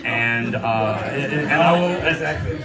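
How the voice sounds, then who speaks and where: A man telling a self-deprecating, halting story as a convention panel guest. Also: medium pitch. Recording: echoey hall, distant mic, crowd.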